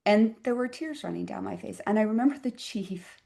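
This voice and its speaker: A woman physician in her fifties, a podcast guest telling a personal story in a reflective, expressive way with wry asides. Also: mid-range voice, a little fast, vocal fry. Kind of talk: conversational interview storytelling.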